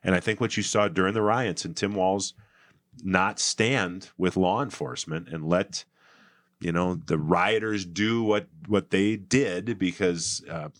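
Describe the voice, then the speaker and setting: A man's voice: deep voice, measured pace, a bit bright, dry recording, clean studio sound. A middle-aged man talking earnestly as a podcast guest, rambling with fillers and restarts. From United States. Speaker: political candidate and guest. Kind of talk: casual podcast conversation.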